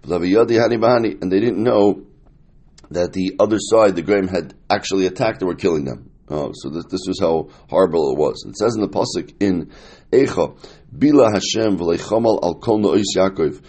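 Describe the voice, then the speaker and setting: A man's voice: low voice, a little fast, darkish tone, husky. A man teaching a Talmud lesson, reading the Aramaic and translating it line by line in a casual, explanatory way. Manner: casual, explanatory, with many fillers and Yiddish-Hebrew terms.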